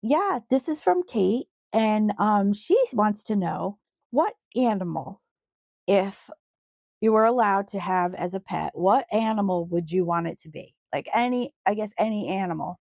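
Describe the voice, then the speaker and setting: A woman's voice: mid-range voice, lively intonation, measured pace, vocal fry, darkish tone, no echo, clean studio sound. A woman co-hosting a casual podcast, chatty and storytelling, laughing easily and swearing now and then. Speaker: podcast co-host. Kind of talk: casual chat.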